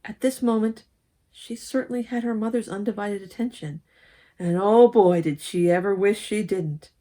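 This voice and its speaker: A woman reading a children's story aloud at a church service, lively and expressive, with asides to the listeners. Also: medium pitch, normal speed. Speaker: lay speaker at a church service.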